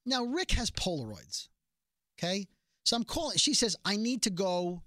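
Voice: mid-range voice, normal speed, dry recording. Mid-range voice for a snarky TV recap podcast host who acts out the scenes; dry booth sound. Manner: sarcastic, animated retelling of scenes. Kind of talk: casual TV episode recap.

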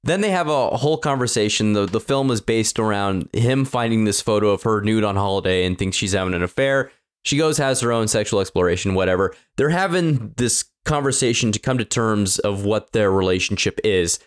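A man co-hosting a podcast, describing a film in a relaxed, halting way with small restarts. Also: fairly low pitch. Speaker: podcast co-host. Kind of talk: casual film review chat.

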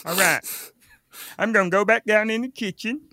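A man's voice: high-pitched, moderate pace, sharp tone, no echo, clean studio sound. A man doing improv comedy as a flustered, eager restaurant worker who stammers.

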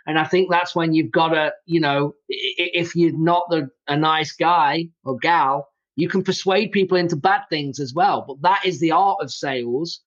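A man's voice: a little high, moderate pace, hardly any pauses, fairly bright tone. A man from England with an English accent, hosting an interview in a chatty, loose way with lots of fillers and restarts. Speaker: podcast host. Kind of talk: casual interview chat. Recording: dull lo-fi audio.

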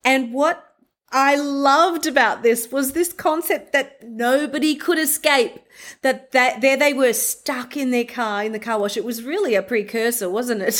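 A woman, a voiceover artist talking as a guest in an interview and telling stories in a lively way. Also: fairly high pitch. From Australia. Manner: animated storytelling, acts out quoted friends. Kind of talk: conversational interview.

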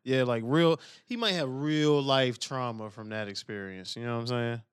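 A man's voice: mid-range voice, normal speed, clean tone, dry recording, clean studio sound. A man co-hosting a podcast, chatting casually and crudely, joking and reading listener emails aloud. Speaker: podcast co-host.

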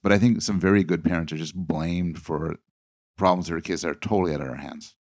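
Man, very low voice, guest expert, halting speech, repeats words, dry close sound. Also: steady tone, a little mellow, dry recording. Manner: thoughtful, halting, repeats words while thinking. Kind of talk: casual podcast discussion.

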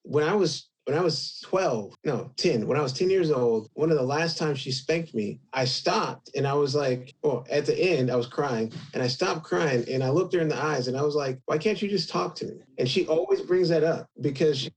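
A man's voice: on the high side, normal speed, few pauses, recorded from a distance, poor audio. A man as an interview guest, telling a personal story earnestly and rambling a bit, leaning on "like" a lot. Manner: earnest, rambling, heavy use of "like".

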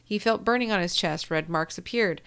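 A woman's voice: medium pitch, moderate pace, fairly bright tone, smooth. A woman reading out a strange true story and explaining its details to her co-host. Her delivery is dry and blunt, with a casual curse now and then. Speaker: podcast co-host.

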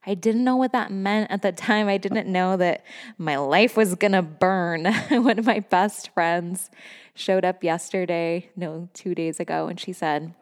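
Candid, laughing woman with a lowish voice. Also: unhurried, long reverb tail. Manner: candid and effusive, swears freely, heavy use of "like"; laughs often between phrases. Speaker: podcast host. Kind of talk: casual personal storytelling.

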